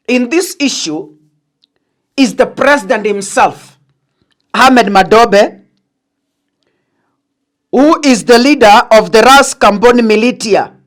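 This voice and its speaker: A woman with a Kenyan accent giving a political analysis monologue, deliberate and emphatic, slipping into Swahili phrases. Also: fairly high pitch. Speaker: political commentator.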